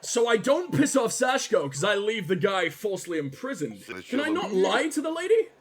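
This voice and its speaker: A man's voice: high-pitched, sing-song, moderate pace, over music. A man giving crude, sardonic let's play commentary while he plays a game. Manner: sardonic, crude, rambling jokes. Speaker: gaming streamer.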